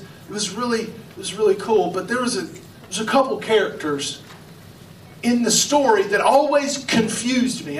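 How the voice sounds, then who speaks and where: A man from West Virginia preaching a sermon, dramatic, with pauses and acted-out voices. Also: high voice, fairly bright tone, slight background noise. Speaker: pastor. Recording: echoey, from far off, faint music.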